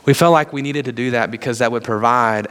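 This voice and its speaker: Minister telling a sermon story. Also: male voice, medium pitch, a little fast, fairly bright tone, smooth. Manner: storytelling, quotes others in conversation.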